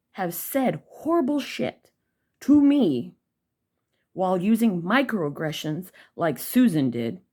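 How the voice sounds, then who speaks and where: Speaking in a fairly low, warm voice, the young woman vlogger addresses her viewers directly. Her angry personal story comes out blunt, heated and full of swearing.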